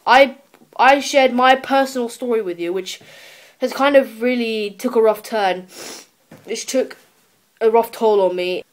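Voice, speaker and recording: Teenage girl, emotional video diary, earnest, pleading, halting restarts, handheld camera. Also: a little high. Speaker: vlogger.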